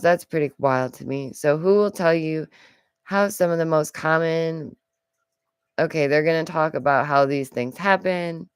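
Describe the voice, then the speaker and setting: A woman's voice: low-pitched, clean tone, dry recording, clean studio sound. A young adult woman giving casual, rambling reaction commentary as a vlogger, with lots of asides. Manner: chatty, rambling, with frequent asides and laughs.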